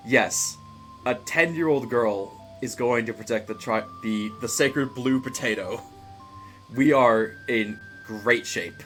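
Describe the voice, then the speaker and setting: Homme bavard qui commente un jeu. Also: male voice, medium pitch, slow pace, fairly bright tone, soft background music. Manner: chatty, rambling, laughs often, many fillers. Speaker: game streamer. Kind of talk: casual live-stream commentary.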